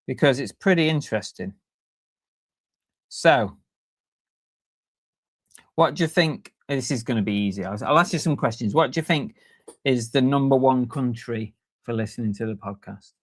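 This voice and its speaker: A man co-hosting a podcast in relaxed, jokey chat. His voice sits at a middling pitch. The sound is dry and close to the mic. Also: moderate pace, long pauses, no echo. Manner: chatty, jokey, reads out stats. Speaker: podcast co-host. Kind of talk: casual chat.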